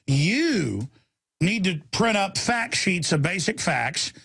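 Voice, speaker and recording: High, gravelly ranting radio host man. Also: sing-song. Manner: ranting, yelling insults in bursts; rapid sales pitch delivery. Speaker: radio talk show host. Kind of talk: fiery talk radio monologue and call-in.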